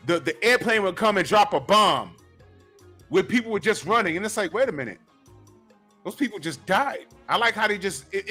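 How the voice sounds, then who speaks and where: A middle-aged man hosting a casual chat about old cartoons. He tells stories in an animated way, acting out his own reactions, and repeats words and uses fillers often. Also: sits high. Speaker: host.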